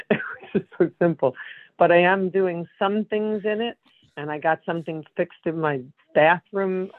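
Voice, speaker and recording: A worn-down woman calling into a support group from her apartment, talking in a weary, halting way and breaking off mid-sentence. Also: lowish voice, no room sound. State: worn down, emotionally drained. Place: condo apartment. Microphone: phone. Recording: tinny phone line.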